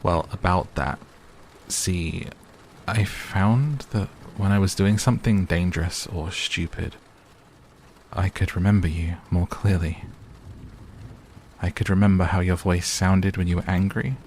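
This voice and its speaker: A man's voice: low-pitched, unhurried, darkish tone, slight background noise. A man reading as a wistful teenage girl. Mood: earnest. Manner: hesitant, thinking aloud.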